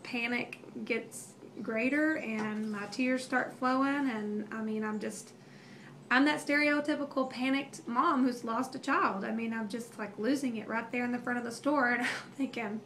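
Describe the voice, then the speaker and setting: A woman in her thirties tells a family story in a rambling, emotional way, full of fillers and restarts. Her voice sits a little high. Faint background hiss runs under the recording. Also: a bit bright. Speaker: mother telling a family story. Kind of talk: casual storytelling.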